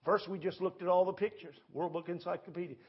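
A man's voice: sits high, flat delivery, fast, breathy edge, highs cut off. A man preaching a sermon in a church, telling a Bible story in a folksy way. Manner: storytelling, folksy, with quoted voices. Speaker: pastor. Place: church sanctuary.

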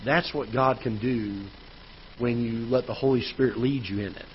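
A male pastor delivers a sermon as a personal story, talking in a plain, conversational way that grows loud at the frustrating moments. His voice sits in an ordinary middle pitch. The church livestream audio is a little dull, with a faint hiss underneath. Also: fairly even intonation, moderate pace. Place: church auditorium.

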